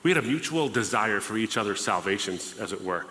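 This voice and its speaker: Bright-voiced man telling his story. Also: fairly low pitch, expressive, brisk. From United States. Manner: conversational, re-enacts past dialogues. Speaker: podcast host. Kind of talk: personal testimony storytelling. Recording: reverberant hall.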